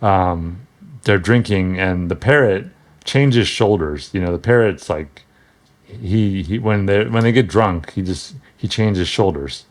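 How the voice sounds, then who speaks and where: A man's voice: deep voice, a little slow. A man casually talking through an old comic book, rambling and wry, with frequent restarts and asides.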